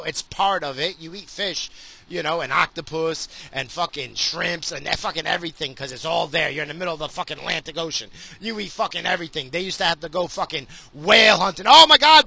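A middle-aged man delivers a crude, sweary solo podcast rant from behind the wheel of his car. His voice is high, creaky and sharp, the recording dry, and he's heated, restarting often.

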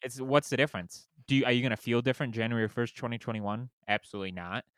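Young man, podcast host, casual rambling chat, smooth voice, dry close sound. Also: medium pitch, fairly even intonation, quick pace, a bit bright, no room sound. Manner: rambling, lots of "like".

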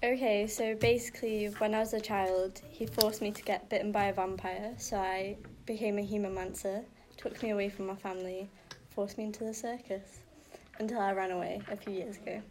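A woman player at a tabletop game, excitable and nervous while telling her character's backstory. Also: mid-range voice, a little fast, crowd noise, poor audio. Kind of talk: casual tabletop game chat.

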